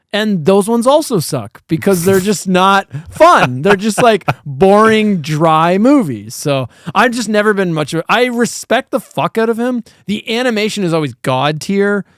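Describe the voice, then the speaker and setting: A man's voice: high voice, no room sound, clean studio sound. A man co-hosting a podcast in casual chat, blunt and profane, often cutting in to say his piece. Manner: blunt, swears, keeps cutting in. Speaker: podcast co-host.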